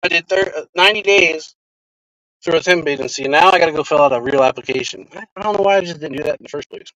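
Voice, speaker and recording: A man vlogging from his car, telling a casual, profane story in an animated way. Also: a little high, fast. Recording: dry, slightly dull sound.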